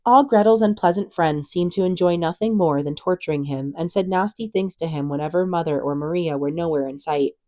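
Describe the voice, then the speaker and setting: A woman reading a novel aloud in a calm, even storytelling manner. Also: fairly low pitch, a little fast, few pauses, dry recording. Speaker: reader.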